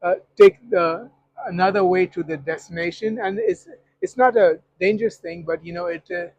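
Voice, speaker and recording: A man's voice: high-pitched, moderate pace, darkish tone, no echo, highs cut off. A man being interviewed, speaking hesitantly with many fillers and restarts. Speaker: guest. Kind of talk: casual interview.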